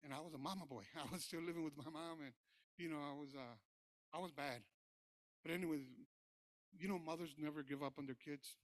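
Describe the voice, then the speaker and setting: A man with a high voice preaches his own testimony in a church. He talks loosely, full of fillers, and drops soft before rising to loud, driving preaching. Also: steady tone, a little fast, long pauses, no room sound. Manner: informal, many fillers, swings between quiet recollection and loud preaching. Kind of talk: sermon testimony.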